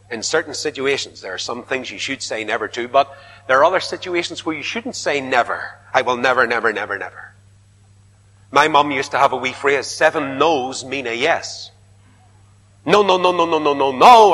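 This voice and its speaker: A man preaching a sermon, emphatic, his voice rising to loud repeated protests. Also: on the high side. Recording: long hall reverb.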